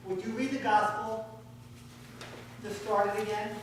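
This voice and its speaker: A man's voice: high-pitched, fairly even intonation, measured pace, background noise. A male pastor giving an informal, conversational sermon, quizzing his congregation as he goes. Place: church sanctuary. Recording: echoey church from far off.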